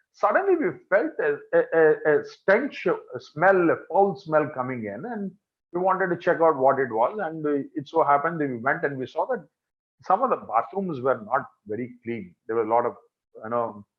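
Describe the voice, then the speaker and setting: A man's voice: on the high side, dull audio. A middle-aged man with an Indian accent, telling a story at a spiritual gathering and acting out the dialogue. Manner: animated, acts out quoted dialogue. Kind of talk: storytelling talk.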